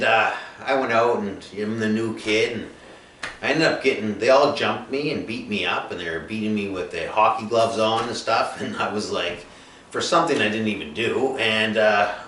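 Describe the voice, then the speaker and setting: A man telling his own life story in a rambling, halting way, full of fillers and restarts. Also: fairly low pitch, fairly bright tone. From Nova Scotia, Canada. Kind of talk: personal storytelling monologue. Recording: echoey room, mic at a distance, faint noise.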